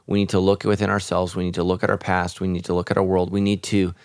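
Deep-voiced pastor talking earnestly. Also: male voice, monotone, fast talker, no echo, clean studio sound. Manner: earnest, reflective. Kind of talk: podcast conversation on faith.

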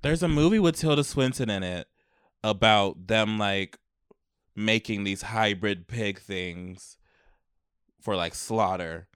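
A man's voice: lowish voice, takes it slowly, a bit bright, clean tone, dry recording, studio quality. A man in casual chat with a co-host, giggly and rambling as he reads out trivia facts.

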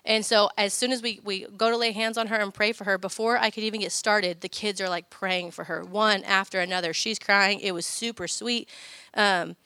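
A woman's voice: medium pitch, steady tone, moderate pace, pushed and bright, clean tone, dry recording. A woman in her thirties giving a chatty faith talk about family prayer, full of personal stories and fillers. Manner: chatty storytelling, many fillers.

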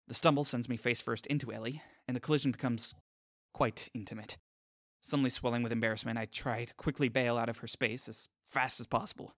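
A man's voice: mid-range voice, a bit bright, no room sound, studio quality. A man giving scripted first-person narration as an earnest, self-conscious inner monologue.

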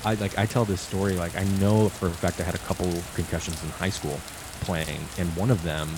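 Noisy rain runs behind a man in his late twenties as he rambles through casual stories full of "like." He speaks fairly quickly in a deep voice with a steady tone.

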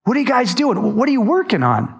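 Inquisitive, friendly passerby, done by a preacher, high voice. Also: male voice, huge pitch swings, a little fast, creaky, exaggerated voice. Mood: curious. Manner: friendly, questioning. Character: curious inquisitive man visiting a building site.

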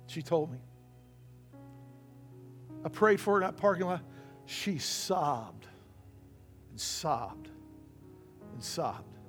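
A man's voice: a little high, sing-song, takes it slowly, long pauses, soft background music. A male pastor preaching a sermon, telling stories and acting out the people in them. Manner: storytelling preacher acting out quoted voices.

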